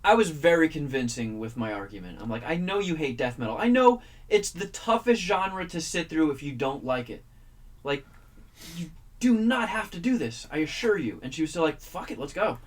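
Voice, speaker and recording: A man with a somewhat high voice tells a long story on a radio show. He chats loosely, swears casually, and slips into the voices of the people he quotes. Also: very animated, normal speed. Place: radio studio.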